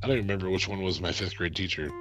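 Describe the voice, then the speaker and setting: A man's voice: deep voice, very fast, fairly bright tone, lo-fi sound, faint music behind. A man co-hosting a podcast, teasing and laughing through casual banter. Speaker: podcast co-host.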